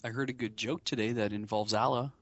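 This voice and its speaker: A man's voice: mid-range voice, steady tone, a little fast, dry recording, dull audio. A man in a casual chat who tells a long joke and acts out its characters.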